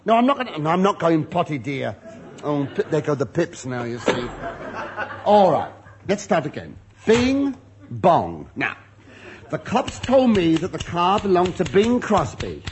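Slightly high and sing-song with a darkish tone, this older British-style male comedian keeps a measured pace. His camp monologue mixes sketch dialogue and innuendo in a mock-flustered manner, and the noisy live recording carries audience laughter.

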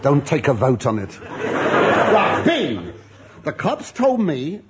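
An older British-style comedian with a fairly high voice that swoops wildly delivers a slow, camp, innuendo-laden monologue with sketch dialogue, playing mock-flustered. It's a noisy live recording, with the crowd's laughter in the background.

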